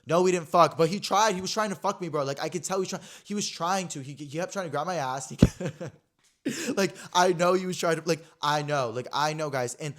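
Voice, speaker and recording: A young man hosting his own podcast from home, telling a personal story in an animated, gossipy way, full of "like" and swearing. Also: fairly high pitch, a little fast. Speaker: podcast host. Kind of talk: casual storytelling chat.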